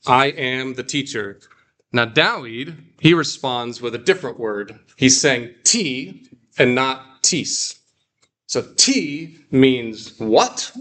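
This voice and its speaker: A man teaching a classroom, drawing out phrases slowly for the class to repeat. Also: mid-range voice, bright, forceful tone. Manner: slow, drawn-out model phrases for repeating. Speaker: Greek teacher.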